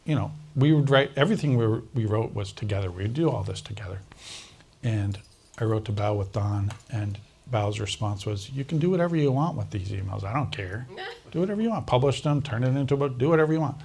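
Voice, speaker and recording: This is a man recounting a personal story in a conversational interview. His pitch sits at an ordinary middle level for a man. He tells the story animatedly, acting out the other speakers' lines and breaking into laughter often. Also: fast, gravelly, a little mellow, slightly rough. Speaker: interview guest.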